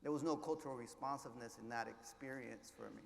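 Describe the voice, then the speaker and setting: A man giving an inspirational keynote, telling his story with hushed lows and loud surges, mixing in Spanish words. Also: fast, creaky, slight background noise. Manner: passionate, swings between hushed and loud, drops Spanish words. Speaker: keynote speaker. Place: large conference hall. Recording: echoey hall, faint ambience.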